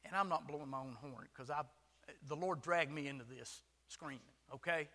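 Casting: folksy pastor, very bright, somewhat high voice, preaching into a long-echo church hall. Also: male voice, moderate pace. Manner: folksy, self-deprecating storytelling with jokes. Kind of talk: sermon.

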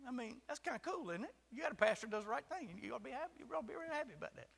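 A man's voice: extremely high pitch, big pitch swings, racing, creaky, a bit bright, husky. A male pastor preaching a sermon in a folksy, self-deprecating style with jokes, in a church sanctuary. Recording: long hall reverb.

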